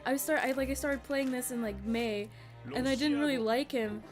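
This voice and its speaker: A young woman streamer chatting casually while playing a game, excitable and giggly. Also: high-pitched, moderate pace, over music. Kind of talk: casual let's-play chat.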